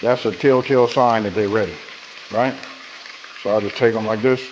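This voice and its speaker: This cooking show host's low-side voice moves at normal speed with fairly even intonation as he leads a casual demo, chatting colloquially and checking in with viewers often. The audio is dull, with a little hiss or hum.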